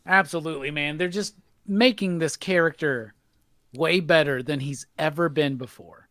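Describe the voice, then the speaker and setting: Upbeat host with a fairly high voice. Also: male voice, moderate pace, sharp tone, dry recording, studio quality. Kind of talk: casual panel chat on a livestream.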